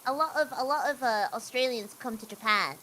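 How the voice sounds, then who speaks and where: A woman's voice: a little high, fairly quick, noisy background. A woman from the North of England, chatting casually while streaming a game and often laughing. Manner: chatty, laughs often, reads game text aloud in a put-on voice. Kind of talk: casual chat over gameplay.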